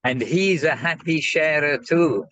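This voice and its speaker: Gentle male teacher, unhurried delivery, very dry room sound. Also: a little high, no echo, rough recording. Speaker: spiritual teacher leading a class. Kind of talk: devotional class talk.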